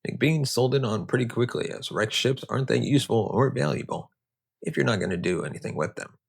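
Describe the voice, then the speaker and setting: Brisk and husky with vocal fry, a medium-pitched male voice narrates a history podcast in a relaxed way. The host strays from the script for sarcastic, joking commentary.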